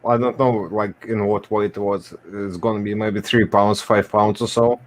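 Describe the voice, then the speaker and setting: A man from Wisconsin hosting a casual stream chat, often pausing mid-sentence to find his words. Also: fairly low pitch, level tone. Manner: halting, stops often to search for words. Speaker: stream host.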